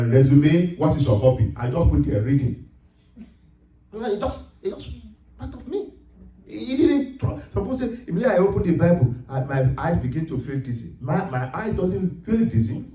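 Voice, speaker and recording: A male pastor preaching a sermon, rising to emphatic shouts as he reads scripture. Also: on the high side. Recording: echoey room, mic at a distance.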